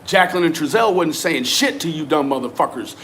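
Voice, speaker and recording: A man's voice: on the high side, animated, fairly quick, fairly bright tone, slight background noise. Profane, fired-up man ranting on a livestream. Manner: profane, confrontational, addresses chat commenters by name. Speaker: livestream host.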